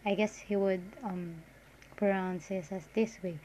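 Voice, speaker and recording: Her voice is medium-pitched, steady, unhurried, and dark in tone, carrying a Filipino accent. This reaction vlogger from the Philippines gives casual commentary peppered with "like" and restarts, recorded in dull lo-fi audio with faint noise.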